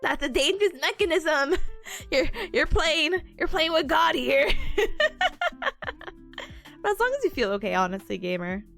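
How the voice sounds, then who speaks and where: Lively high-voiced woman streamer. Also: measured pace, creaky, long pauses, faint music behind. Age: young adult. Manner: laughs often, talks to chat, lively and rambling. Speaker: study streamer. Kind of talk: casual live-stream chat.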